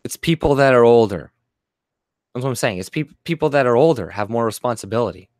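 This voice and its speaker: A man's voice: mid-range voice, expressive, a little fast, darkish tone, no echo, clean studio sound. A man from Canada ranting angrily on his channel, rambling and swearing with many fillers and restarts. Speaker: vlogger. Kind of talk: profane ranting monologue.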